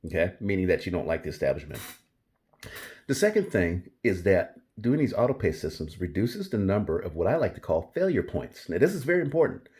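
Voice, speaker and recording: A man hosting a casual solo monologue, talking in an animated, emphatic way and repeating his key points. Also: low-pitched. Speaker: host.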